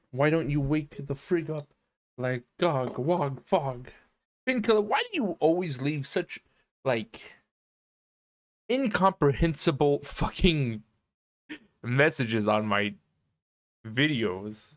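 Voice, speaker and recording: A young man streaming a game live, rambling and cursing in casual commentary, with sudden shouts. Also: medium pitch. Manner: rambling, profane, sings and shouts in bursts. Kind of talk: casual let's-play commentary. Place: home streaming setup.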